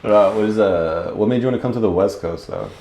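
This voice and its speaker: A man's voice: fairly low pitch, fast, creaky, warm tone. A man hosting an interview, asking questions in a joking, irreverent way and laughing often. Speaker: podcast host. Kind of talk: casual interview chat. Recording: roomy with faint background noise.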